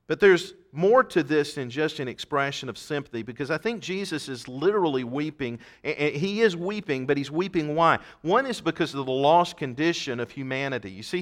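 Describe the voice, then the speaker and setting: A man preaching a sermon, reading King James scripture aloud and posing rhetorical questions, moving from hushed, tender passages to loud, emphatic ones. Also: medium pitch. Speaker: pastor.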